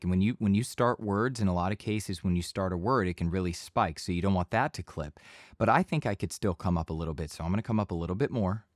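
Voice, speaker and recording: A man giving a casual voice-over tutorial in a home studio, speaking in a relaxed conversational tone into a studio microphone. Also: deep voice, dry recording. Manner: relaxed conversational teaching, occasional bursts of yelling demos. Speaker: voice-over instructor.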